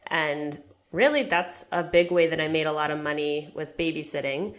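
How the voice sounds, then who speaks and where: An American woman in her thirties, a podcast guest, telling stories from her youth in a chatty, relaxed way. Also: deep voice. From United States. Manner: chatty storytelling, quick and relaxed. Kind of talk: podcast interview.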